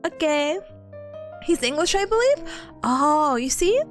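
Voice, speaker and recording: An American woman from the United States hosts a casual livestream chat, bubbly and giggly with her viewers. Her high voice is sing-song and slow, swooping up and down a lot over soft, faint music.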